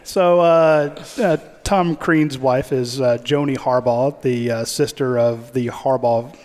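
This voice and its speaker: A man hosting a sports talk show, chatty and animated. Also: medium pitch, slow, in a large hall.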